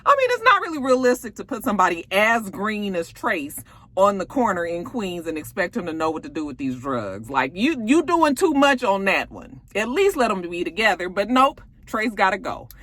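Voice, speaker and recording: Animated, slangy woman recapping a show. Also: medium pitch, normal speed, no echo. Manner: animated, slangy, profane storytelling. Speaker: YouTube show reviewer. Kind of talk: casual episode recap.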